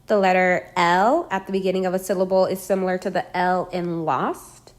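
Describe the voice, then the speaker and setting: A woman teaching a pronunciation lesson, reading out example words slowly and carefully. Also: on the low side, fairly even intonation. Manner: slow, careful, spells out sounds and repeats example words. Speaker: language teacher.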